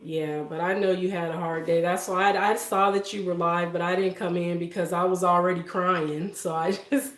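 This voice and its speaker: A woman's voice: fairly low pitch, little pitch movement, moderate pace, few pauses. Emotional woman chatting in a roomy kitchen. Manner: emotional, soft-spoken, laughs often. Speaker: livestream host. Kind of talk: casual live-stream chat with viewers. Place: home kitchen.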